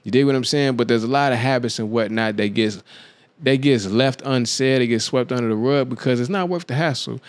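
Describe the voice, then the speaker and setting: A man's voice: medium pitch, a little fast, no echo. A man hosting a show, talking through his views in a loose, casual monologue, often checking in with "you dig what I'm saying?". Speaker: podcast host.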